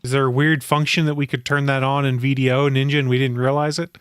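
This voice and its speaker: A man's voice: medium pitch, flat delivery, fast talker, clean tone, no echo, clean studio sound. A man co-hosting a podcast, chatting casually and cracking jokes. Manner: joking, wisecracking. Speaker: podcast co-host. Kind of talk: casual chat.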